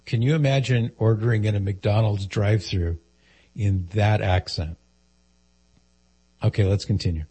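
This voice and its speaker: A man's voice: on the low side, steady tone, moderate pace, pauses often, warm tone, breathy edge. A man hosting a talk radio show, joking and teasing his co-host in casual banter.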